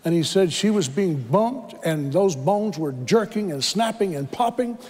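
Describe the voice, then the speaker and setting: High-voiced preacher telling a story. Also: male voice, lively intonation, a little slow, a little mellow, in a large hall. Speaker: pastor. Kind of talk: sermon storytelling. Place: church sanctuary.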